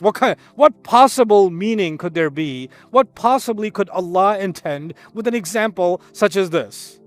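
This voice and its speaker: A man's voice: high voice, normal speed, few pauses, soft background music. A middle-aged man giving a Quran lecture, teaching animatedly, reciting Arabic and acting out the voices he quotes. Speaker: Islamic lecturer.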